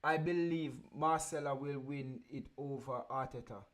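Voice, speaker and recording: A man's voice: medium pitch, normal speed, fairly bright tone. A man hosting a casual football livestream, reading out viewer comments and answering with teasing slang-filled banter.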